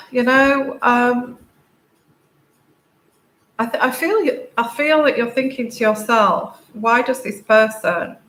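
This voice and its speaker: Slow, tearful woman tarot reader. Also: fairly high pitch, a bit bright. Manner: slow, halting, many fillers and restarts. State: tearful, crying. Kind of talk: intuitive tarot reading to camera. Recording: echoey room, faint background noise.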